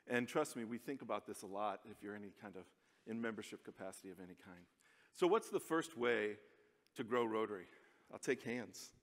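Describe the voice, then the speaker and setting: A man's voice: mid-range voice, a bit bright. An American man giving a chatty, self-deprecating conference speech from a stage, laughing often. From United States. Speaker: conference speaker. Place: large conference hall. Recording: long reverb of a large hall.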